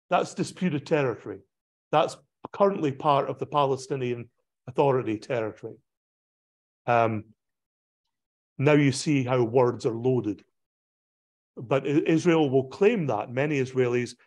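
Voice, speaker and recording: A man, a pastor, giving a conversational illustrated talk, often pausing on fillers and restarting his sentences. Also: medium pitch, a little mellow. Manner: conversational, digressive lecturing with frequent fillers and restarts. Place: church hall presentation.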